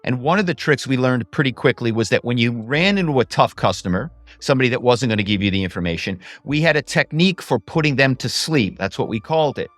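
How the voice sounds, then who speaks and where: A former actor and author appears as a podcast guest, telling stories in a casual interview and acting out phone calls in different voices. His medium-pitched voice moves fast with few pauses, and there's no room sound. He's animated throughout.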